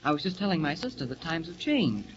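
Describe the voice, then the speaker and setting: An actor playing a polite, eager English schoolboy who talks with halting manners, in 1940s radio acting. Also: male voice, fairly high pitch, very animated. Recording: muffled 1940 radio broadcast with hiss.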